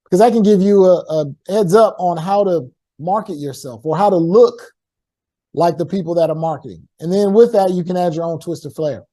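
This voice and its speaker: A man giving an energetic, emphatic motivational talk as the guest speaker on a video-call workshop. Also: sits high, a little fast.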